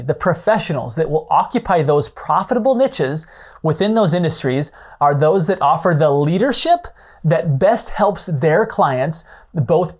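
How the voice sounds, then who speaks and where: A real estate coach with a slightly high, darkish voice explains leads and referrals. He mixes instruction with short example phone calls, acting out the callers in a mildly dramatized way.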